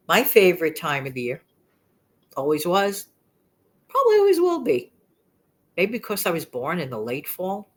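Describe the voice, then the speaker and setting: Chatty older woman with a New York accent, slightly low voice, rambling and emphatic delivery. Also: wildly swooping pitch, normal speed, pauses often, slightly rough. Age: 60s. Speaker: frugal living vlogger. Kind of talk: casual chat to camera.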